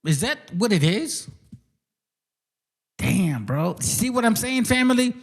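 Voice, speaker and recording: A man's voice: very high voice, big pitch swings, takes it slowly. A man hosting his channel, delivering a combative, profane and mocking livestream rant. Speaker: channel host.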